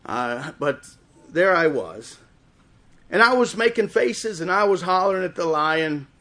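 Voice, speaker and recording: A man with a Wisconsin accent preaching a sermon, telling stories and slowing down and rising in volume for emphasis. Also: high-pitched, animated. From Chicago area, raised in Wisconsin. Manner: storytelling preacher, swells louder and slower for emphasis. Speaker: guest preacher.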